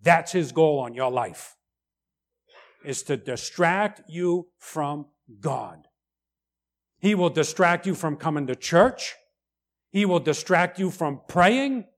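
A middle-aged male pastor preaching a sermon in an animated way, often breaking in with asides like "right?" and "okay?". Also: fairly high pitch.

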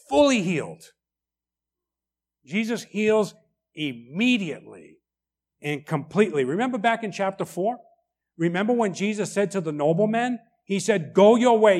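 Middle-aged guy preaching, kinda high voice, lively, keeps tossing out little "right?" asides. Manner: animated preaching with rhetorical asides. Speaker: pastor. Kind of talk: sermon.

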